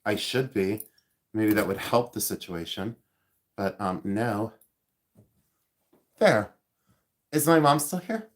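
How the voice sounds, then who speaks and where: A man's voice: fairly low pitch, expressive, takes it slowly, long pauses. A man in his fifties hosting a casual livestream from home, rambling, joking about himself and thanking viewers by name. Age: 50s. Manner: rambling and self-mocking, reads out viewer comments. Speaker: livestream host.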